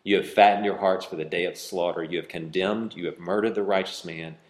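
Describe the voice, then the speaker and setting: A man's voice: low voice, steady tone, a little fast, echoey room. A man preaching a sermon, reading scripture aloud and arguing over it with growing intensity. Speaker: pastor.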